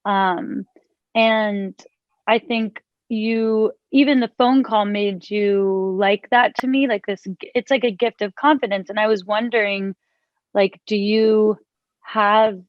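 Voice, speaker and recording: A woman's voice: a little high, a little slow, no room sound. A young woman chatting casually with lots of fillers and restarts, and sometimes reading aloud from her own book. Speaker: author and interviewer. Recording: dull lo-fi, dry sound.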